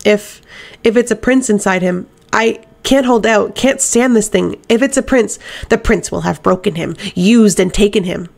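A broken, possessed man pleading in a soft, hollow voice, gasping out words higher than the narration, as in a storybook read aloud, with a woman doing him. A slight gravel runs under the voice. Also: normal speed. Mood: desperate. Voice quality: empty and soft.

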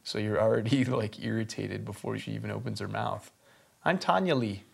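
A man's voice: fairly low pitch, flat delivery, brisk, gravelly, a little mellow, breathy edge. A man hosting a comedy web show, delivering mocking, sardonic commentary and chuckling through his own jokes.

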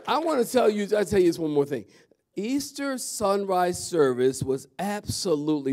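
A man, a pastor talking casually and animatedly to his congregation in a church. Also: on the high side. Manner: chatty and animated, calls out to the audience. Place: church sanctuary.

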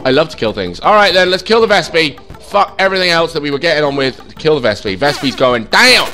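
Excitable sweary gamer. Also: male voice, a little fast, few pauses, soft background music. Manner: excitable, sweary, jumps in pitch. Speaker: gaming channel host. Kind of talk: let's play commentary.

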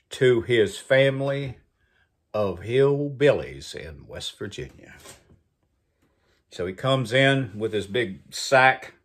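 A morning show host with a mid-range, slightly bright voice reads books and jokes aloud in a folksy, storytelling style, keeping the joke reading casual.

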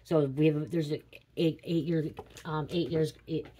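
A woman's voice: low voice, fairly even intonation, measured pace, warm tone, slightly rough. A woman in her late thirties doing a casual psychic reading, rambling and confiding with casual swearing. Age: 30s. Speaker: tarot reader.

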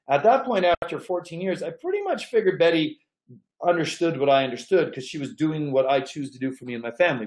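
A man's voice: a little high, darkish tone. Emphatic folksy man in an echoey room. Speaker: chiropractic coach. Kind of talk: storytelling talk to chiropractors.

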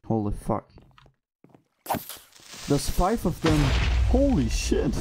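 A young man giving excitable gameplay commentary, swearing constantly and often bursting into laughter. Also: medium pitch, slow pace, noisy background. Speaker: gaming YouTuber.

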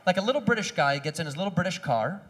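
A man in his thirties performing a stand-up comedy set on stage, animated, acting out quoted voices and shouting punchlines. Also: sits high, racing.

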